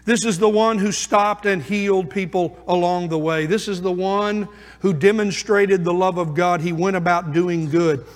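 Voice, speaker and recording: A man preaching a sermon in a church, fervent and building emphasis through repeated phrases. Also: sits high. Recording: long reverb of a large hall.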